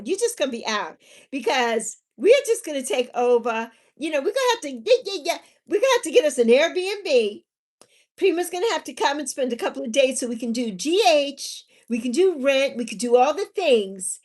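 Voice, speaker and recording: A woman's voice: sits high, big pitch swings, normal speed. A woman hosting a casual livestream, chatting with viewers in a bubbly, sing-song way and drawing out her words. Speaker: livestream host.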